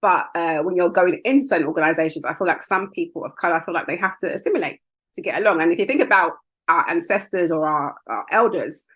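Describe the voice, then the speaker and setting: A woman hosting a podcast, chatting in an affirming, animated way during an interview. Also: fairly low pitch, breathy edge. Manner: warm, affirming, quick and animated. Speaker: podcast host. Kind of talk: conversational interview.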